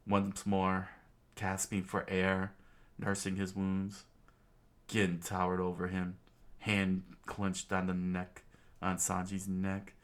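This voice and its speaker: A man reading a comic aloud in a casual way, with stumbles and chuckling asides. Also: sits low. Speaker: comic reader.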